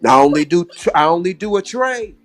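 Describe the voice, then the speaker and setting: A man's voice: sits high, animated, brisk, over music. A man as a guest on a casual live-stream panel, laid-back and teasing, dropping preachy asides.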